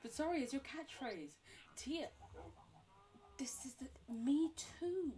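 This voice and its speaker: A woman's voice: high-pitched, animated, slow pace, dark tone. A woman livestreaming a game, rambling and chatting with her viewers, laughing often and joking about herself. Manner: responds to chat between game talk. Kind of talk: casual gameplay chat with viewers.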